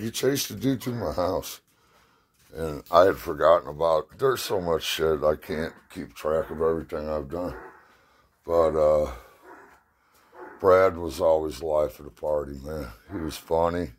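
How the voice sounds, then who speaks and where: A man's voice: extremely low pitch, a little mellow. A middle-aged man telling rambling, profane stories from his past in casual talk, sounding short of breath. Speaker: storyteller. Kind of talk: casual spoken memories.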